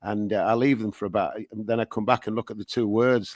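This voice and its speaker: A man's voice: fairly low pitch, fairly even intonation, fast, hardly any pauses, darkish tone, no room sound. A man being interviewed about songwriting, answering in a rambling, playful way with many repeated words. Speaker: guest songwriter.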